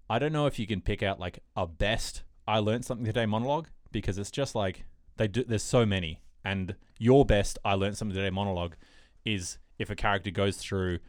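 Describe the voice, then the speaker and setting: A man's voice: fairly low pitch, no echo, clean studio sound. A man co-hosting a podcast in a casual chat, rambling with lots of fillers as he retells TV scenes. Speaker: podcast co-host.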